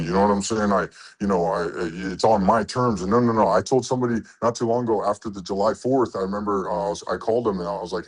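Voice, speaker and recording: A man's voice: on the low side, fast, few pauses, slightly rough. A man coaching truckers in a blunt, profane motivational talk, acting out quoted exchanges as he goes. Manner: blunt, swears a lot, acts out quoted exchanges.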